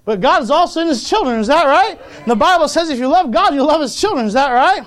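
A man's voice: very high voice, lively intonation, fast, fairly bright tone. A man preaching a sermon as pastor, repeatedly asking the congregation for an amen, with chuckling asides.

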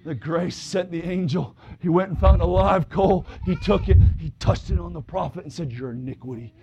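A man's voice: high voice, fairly even intonation, moderate pace, creaky, lo-fi sound, a crowd in the background. A man preaching a fervent sermon in church, calling out to the congregation and breaking into hallelujahs. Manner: fervent, calls out brother, sister, shouts hallelujah. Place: church service with congregation responding.

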